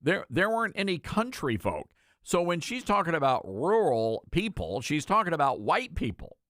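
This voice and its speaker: A man's voice: fairly high pitch, very animated, fairly bright tone, dry recording, clean studio sound. A man hosting a talk radio show, giving sarcastic, indignant commentary and taking calls. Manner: sarcastic, indignant, quick asides.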